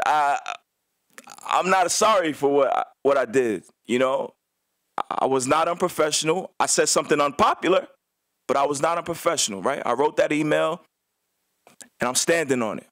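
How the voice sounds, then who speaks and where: A man's voice: mid-range voice, moderate pace, long pauses, a bit bright, no room sound, clean studio sound. A man, a former assistant basketball coach, telling a story on a radio show in casual slang, acting out other people's lines.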